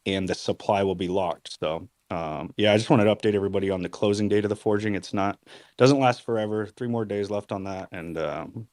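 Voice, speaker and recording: A man co-hosting a casual chat, giving a relaxed, matter-of-fact update. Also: on the low side, brisk, no echo. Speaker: co-host.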